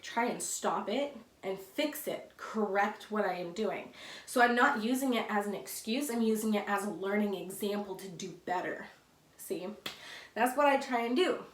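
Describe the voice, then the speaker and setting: A woman's voice: mid-range voice, slight background noise. A young woman vlogger telling a storytime in a casual, rambling way, full of fillers and little laughs, recorded on headphones at home. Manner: rambling, many fillers and laughs, acts out quoted texts. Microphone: headphones with a cord. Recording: echoey room, voice far from mic.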